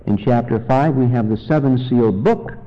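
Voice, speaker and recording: A man preaching a sermon and reading scripture, teaching in a measured, deliberate way with solemn emphasis. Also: medium pitch, highs cut off. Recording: long reverb of a large hall.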